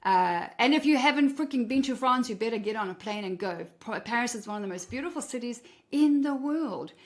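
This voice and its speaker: A woman's voice: a little high, expressive, fairly quick. A middle-aged woman hosting a faith-based motivational talk, blunt and emphatic in a preachy way. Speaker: podcast host.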